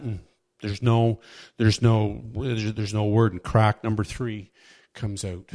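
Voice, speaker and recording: A man preaching a casual sermon, telling a story with quick voiced asides and chuckles. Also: mid-range voice, steady tone, darkish tone.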